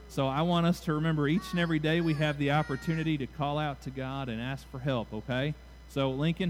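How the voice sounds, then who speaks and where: Church leader, male, mid-pitched, bouncy and playful with a crowd of kids. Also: slight background noise. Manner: playful and animated with children, call-and-response. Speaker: church leader giving a children's talk. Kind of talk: children's moment in a church service. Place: church sanctuary.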